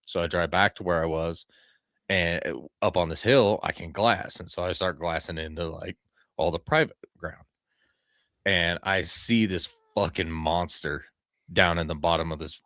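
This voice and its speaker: A man with a very low voice spins a long, loose story in a casual podcast chat. He swears freely and slips into acting out what he said. The sound is close and dry, with no room echo. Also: fairly bright tone. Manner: profane, rambling, acts out his own quoted lines. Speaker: podcast host telling a hunting story.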